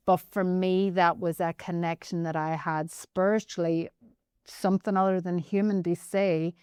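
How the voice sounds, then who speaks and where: A woman with a Northern Irish accent telling a personal story as a podcast guest, animated and often addressing the host by name. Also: on the low side, moderate pace, clear, resonant tone, no echo, studio quality. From Northern Ireland.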